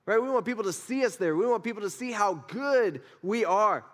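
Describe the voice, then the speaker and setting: A male pastor delivers a casual, conversational sermon, slipping into the voices of the characters he retells. His voice sits high for a man, and the sound trails off in a long hall reverb. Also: expressive, brisk, fairly bright tone, soft background music. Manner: conversational, acts out the characters' lines.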